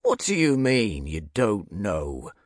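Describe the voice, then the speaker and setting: A man's voice: on the low side, wildly swooping pitch, slow, no echo, clean studio sound, full character voice. A man voicing an arrogant young male lich in an audiobook, sneering and taunting theatrically. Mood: scornful. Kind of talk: audiobook character voice.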